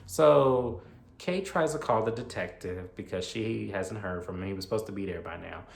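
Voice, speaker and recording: A man giving a casual movie review, retelling the plot in an animated, opinionated, slangy way. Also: lowish voice, normal speed, gravelly. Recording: roomy echo.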